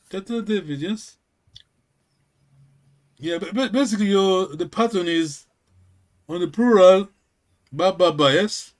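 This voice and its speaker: A man who speaks natively, teaching a lesson over a video call, slow and patient, often checking in with a quick "yes?". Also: high voice. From Congo region, Kikongo-speaking village. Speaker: language teacher. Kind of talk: online language lesson.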